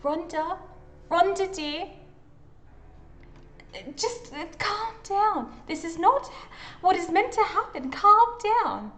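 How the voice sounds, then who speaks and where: A woman's voice: very high voice, lively intonation, takes it slowly, long pauses, fairly bright tone, pitched above the performer's own voice, heavily acted. A woman voicing a small, fretful woman who fusses over others and scolds them in a tabletop game. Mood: soothing. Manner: fussing, scolding, soothing.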